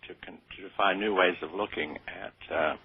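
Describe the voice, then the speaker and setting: An older man with a deep, gravelly, husky voice and fairly even intonation answers radio interview questions modestly and haltingly, using many fillers. His voice sounds thin and tinny, as though coming over a phone line.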